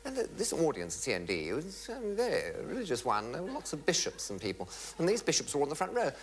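A man's voice: wildly swooping pitch, fast talker, poor audio. Theatrical middle-aged male raconteur. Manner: theatrical, with sudden pitch leaps and mock outrage. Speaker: comic raconteur. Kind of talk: comic anecdote told to a live audience. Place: television studio before an audience.

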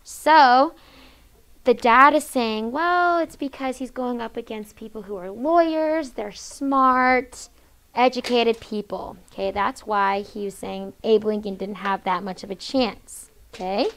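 Woman teacher in a classroom, high-ish voice, reading a story to sixth graders, lots of "okay?" and shushing. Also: unhurried, smooth. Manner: reads quoted lines with changed voices, hushes students often.

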